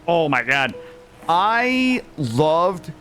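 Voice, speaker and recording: A man's voice: fairly high pitch, big pitch swings, drawn-out words, fairly bright tone, soft background music. A man from Vermont chatting casually with his live-stream chat while he plays, joking and swearing freely. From Vermont, USA. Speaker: gaming streamer.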